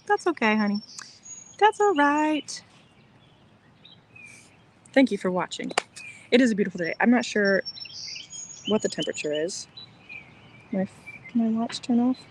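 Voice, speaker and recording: A soft-spoken woman hosting a casual crochet livestream outdoors in the sun, chatting in a rambling, reassuring way. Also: fairly high pitch, big pitch swings, unhurried, pauses often, noisy background. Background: birds chirping.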